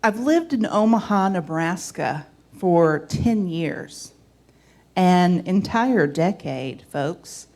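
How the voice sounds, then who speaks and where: A woman's voice: fairly low pitch, lively intonation, slow, a little mellow. A woman in her forties from the American South with a Southern accent, giving a homey church reflection with scripture reading and folksy asides. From Southern United States.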